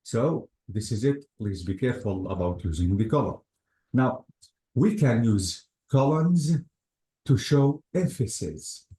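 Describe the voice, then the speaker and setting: A man teaches English grammar methodically in a classroom, walking through examples step by step and often using words like "notice" and "absolutely." His medium-pitched voice is mellow and a little slow with lively intonation, and the room sounds echoey.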